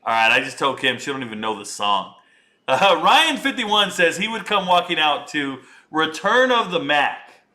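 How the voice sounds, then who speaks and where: This is a man hosting a live reaction stream who jokes around and talks straight to his viewers. His voice sits a little on the high side, with a bright, forward edge. He keeps things loose and chatty throughout. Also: sing-song, moderate pace. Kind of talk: casual live reaction chat.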